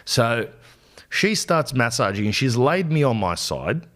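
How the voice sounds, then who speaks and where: Animated comic storyteller man. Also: medium pitch, unhurried. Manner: animated, rambling, exaggerated. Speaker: podcast host. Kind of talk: comedic storytelling.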